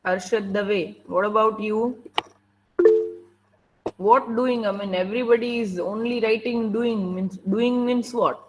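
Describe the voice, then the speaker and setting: A woman with an Indian English accent teaches a class over a video call. She talks in a strict, impatient way and keeps pushing students to respond. Her pitch sits in an ordinary middle range. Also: fairly even intonation, measured pace, a little hiss or hum, poor audio. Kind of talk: online class.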